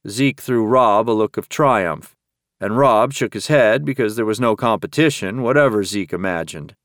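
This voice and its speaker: A man narrating an audiobook in a steady, measured storytelling manner. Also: lowish voice, clear, resonant tone, no echo, clean studio sound. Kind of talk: scripted narration.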